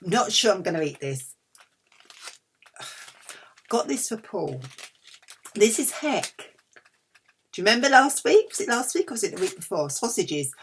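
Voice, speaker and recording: A woman's voice: medium pitch, big pitch swings, measured pace, long pauses, a little hiss or hum. A middle-aged woman chatting casually through a food haul, cheeky and self-mocking. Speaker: vlogger.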